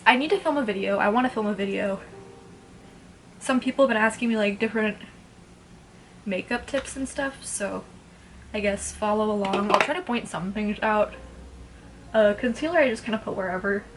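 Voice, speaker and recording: A woman's voice: medium pitch, moderate pace, long pauses, slight background noise. A woman in her twenties chatting casually at home while doing her makeup, rambling and blunt, swearing freely. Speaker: beauty vlogger. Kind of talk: casual get-ready-with-me chat.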